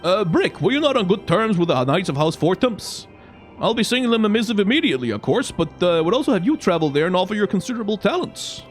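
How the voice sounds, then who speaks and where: A man's voice: high-pitched, sing-song, fast, soft background music. A man reading as an earnest commander.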